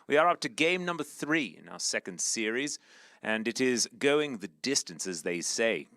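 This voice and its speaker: A man's voice: mid-range voice, big pitch swings, normal speed, a bit bright, dry recording, clean studio sound. A young man casting an esports match, with a playful, mock-formal way of talking. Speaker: esports commentator. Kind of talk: esports play-by-play commentary.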